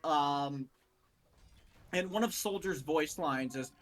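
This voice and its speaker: Young male co-host, animated rambler, bright tone. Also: a little high, slow pace. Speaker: podcast co-host. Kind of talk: casual chat.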